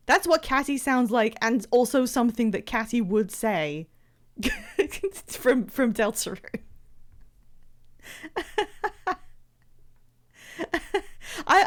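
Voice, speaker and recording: A woman's voice: on the high side, sing-song, slow pace, long pauses. A woman streamer chatting casually while playing a game, rambling with many fillers and restarts.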